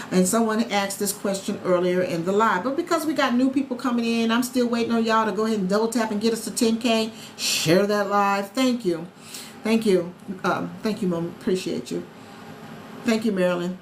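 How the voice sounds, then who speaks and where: This woman hosts a laid-back live stream where she pitches travel-agent recruitment, chatting brightly with viewers, naming followers as she greets them, and circling back to her main points. She speaks briskly at a medium pitch, with slight hiss or hum, a roomy echo, and faint ambient sound.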